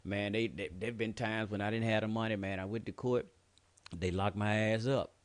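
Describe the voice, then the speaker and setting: A man's voice: fairly low pitch, steady tone, fairly quick, clean tone. A man hosting a show, talking candidly and bluntly in a heartfelt personal monologue, swearing often and saying "man" a lot. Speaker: show host.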